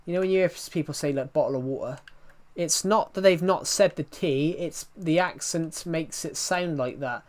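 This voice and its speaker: A man's voice: fairly high pitch, moderate pace, hardly any pauses, darkish tone. A man chatting casually while streaming a game, rambling and answering viewers' questions as he plays. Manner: rambling, restarts sentences, answers chat questions. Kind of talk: casual live-stream chat while playing.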